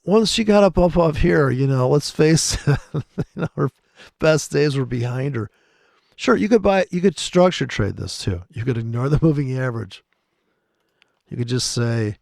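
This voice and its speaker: Man, profane sardonic chart commentary, rough gravelly voice, dry close sound. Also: on the high side, darkish tone, no echo. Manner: profane, sardonic, mutters asides and mock voices. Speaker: trading video host.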